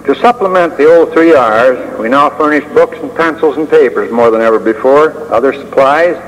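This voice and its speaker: An older man giving a prepared speech as a school administrator, measured and dryly humorous, pausing often with uh. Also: medium pitch. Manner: measured, with dry humor and frequent uh pauses. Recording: long hall reverb with faint hiss.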